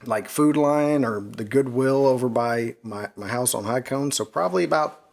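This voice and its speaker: A man in casual podcast chat, telling a long story with lively energy. He swears freely and laughs at his own bad luck. His voice sits in an ordinary middle pitch. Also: normal speed, creaky. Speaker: podcast co-host.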